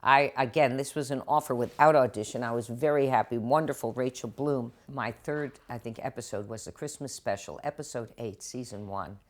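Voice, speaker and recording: Older actress guest, deep low voice, expressive storyteller. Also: female voice, brisk, few pauses. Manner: animated, acts out quotes in different voices. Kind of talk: interview storytelling. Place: TV studio.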